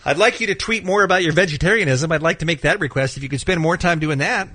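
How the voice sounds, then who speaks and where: A man hosting a morning radio show, teasing callers and guests with quick jokes. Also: a little high, bright, forceful tone, no echo. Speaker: radio host.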